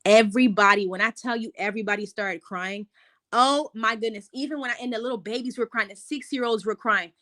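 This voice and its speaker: A woman speaks close to her microphone in a casual recap vlog, with a somewhat high voice. She is opinionated and chatty, and talks as a mother reacting to a reality show. Her pitch jumps up sharply when something gets to her. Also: a little fast, sharp tone. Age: adult, a mother.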